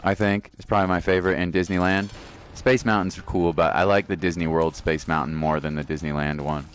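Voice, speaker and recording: A man streaming a video game, chatting casually and laid-back with his viewers. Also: very deep voice. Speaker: gaming streamer. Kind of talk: casual live-stream chat.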